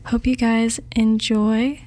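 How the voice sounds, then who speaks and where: A woman's voice: on the high side, little pitch movement, takes it slowly, dark tone, no echo. A young woman hosting a campus music radio show, chatting loosely with lots of fillers from a studio. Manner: rambling, loose, with many fillers. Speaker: radio host. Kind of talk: casual music radio chat.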